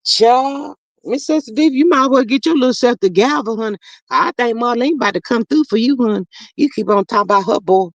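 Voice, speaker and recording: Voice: mid-range voice, brisk, no room sound. A live stream host reading viewer comments aloud in casual, sassy chat full of endearments. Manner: animated, sassy, drawling endearments. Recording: dull lo-fi dry audio.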